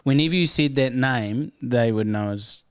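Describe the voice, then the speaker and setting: A man with a New Zealand accent, a guest comedian telling stories in a casual interview, animated and often laughing. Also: medium pitch, normal speed, clear, resonant tone, no room sound, studio quality.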